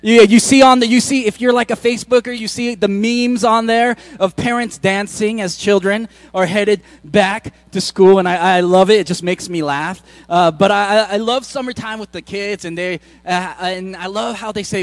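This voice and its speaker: High-voiced man preaching a casual sermon. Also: normal speed, no room sound. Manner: conversational, joking asides with frequent restarts. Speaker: pastor. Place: church.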